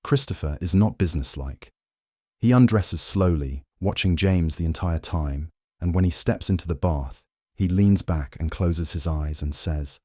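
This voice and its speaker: Deep voiced guy reading a bedtime history story, slow and soothing, dry sound. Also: dark tone, dry recording. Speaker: narrator. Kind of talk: calm scripted sleep-story narration.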